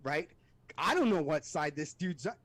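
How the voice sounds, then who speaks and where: A man's voice: fairly high pitch, normal speed, dry recording. A middle-aged man, an Army veteran, telling stories as a guest in a casual interview and acting out voices and sounds. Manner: animated, acts out voices and sounds in his stories. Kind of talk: casual storytelling in a podcast interview.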